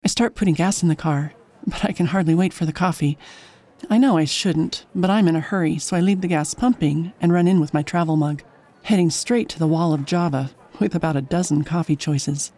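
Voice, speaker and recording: A woman's voice: sits low, brisk, warm tone. A woman narrating a first-person story in a chatty, wry, self-mocking way.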